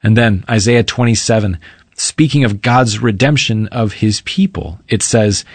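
A man preaching a sermon in an earnest, measured way, reading scripture passages aloud. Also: lowish voice, no echo.

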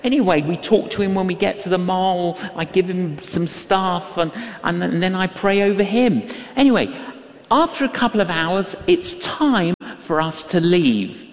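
A man's voice: high-pitched, expressive, moderate pace. An older man preaching a sermon, telling a story with emphatic repetition and acting out the voices he quotes. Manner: emphatic, repeats key lines, acts out quoted voices. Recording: long hall reverb.

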